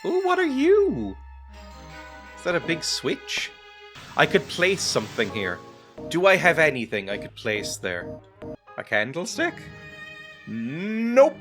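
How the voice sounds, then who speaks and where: A man's voice: medium pitch, big pitch swings, moderate pace, sharp tone, faint music behind. A man giving casual, sarcastic commentary while playing a video game, joking and laughing often. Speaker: let's play gamer.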